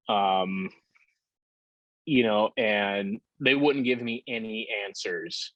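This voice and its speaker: Low voiced guy telling his story, lots of ums, dry muffled mic. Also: lively intonation, a bit bright, no room sound. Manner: candid, halting, with swearing and fillers. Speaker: podcast guest. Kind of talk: casual storytelling interview. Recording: dull lo-fi sound.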